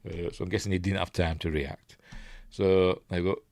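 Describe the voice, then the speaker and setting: Low-voiced Yorkshire man rambling. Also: steady tone, moderate pace, a little mellow. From Yorkshire, England. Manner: rambling, chatty, often loses his place. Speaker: host, film reviewer. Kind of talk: casual film breakdown reading live chat.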